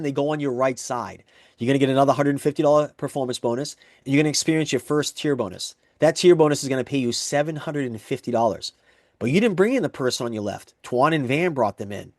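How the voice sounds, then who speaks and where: Eager man giving a sales pitch. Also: no echo, clean studio sound. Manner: eager, repetitive pitch walking through examples. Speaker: network marketing presenter. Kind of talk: sales presentation.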